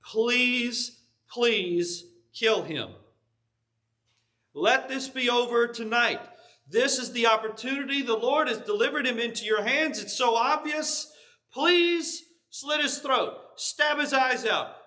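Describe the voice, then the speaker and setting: A preacher acting out a frantic soldier begging. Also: male voice, high voice, measured pace. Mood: desperate. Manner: frantic, pleading, rising to shouts. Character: desperate male soldier begging his leader to kill.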